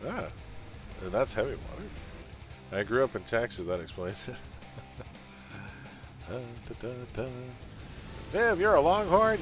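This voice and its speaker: A man's voice: medium pitch, a bit bright. A man chatting casually while live-streaming a game, laughing often and drifting into pop-culture tangents.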